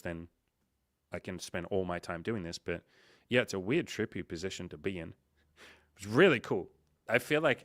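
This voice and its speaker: Male coach hosting a livestream, low-pitched, lively and profane, on a dry close mic. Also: dry recording. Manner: animated, profane, acts out quoted voices. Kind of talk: casual livestream monologue.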